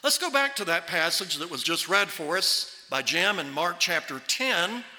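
Male pastor, high bright voice, lively sermon delivery, hall echo. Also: moderate pace. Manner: animated, acts out the Bible voices.

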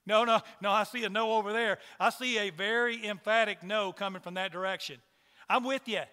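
A man's voice: sits high, steady tone, fairly quick, sharp tone, clear, resonant tone, in a large hall. A man preaching a sermon to a church congregation, emphatic and repeating his rhetorical questions. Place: church hall.

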